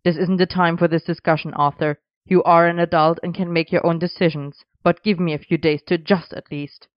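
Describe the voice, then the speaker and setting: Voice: mid-range voice, steady tone, a little fast, dry recording, lightly acted. A reader voicing a cold, disapproving older father who speaks in a clipped, haughty way, in a dry, slightly dull recording. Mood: cool disapproval.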